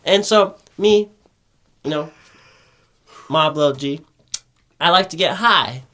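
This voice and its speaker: A man's voice: fairly high pitch, takes it slowly, sharp tone. A young man telling a rambling, profane party story in casual podcast chat, peppering it with "right?".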